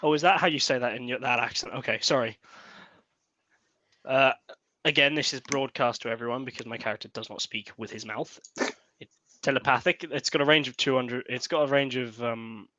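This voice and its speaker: A man's voice: medium pitch, brisk, bright, forceful tone, dry recording, muffled recording. A man playing a tabletop game, talking hesitantly with stammering restarts. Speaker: player. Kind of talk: casual tabletop game chat.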